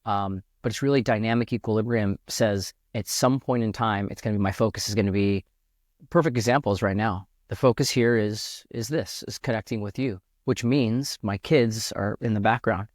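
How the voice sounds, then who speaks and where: A man's voice: lowish voice, normal speed, no room sound, clean studio sound. A man talking as a podcast guest in an earnest, reflective way, often restarting his sentences as he thinks aloud. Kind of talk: reflective casual conversation.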